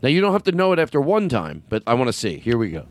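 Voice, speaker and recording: A man hosting a comedy show, talking in animated, laughing banter. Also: mid-range voice, fast. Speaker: podcast host.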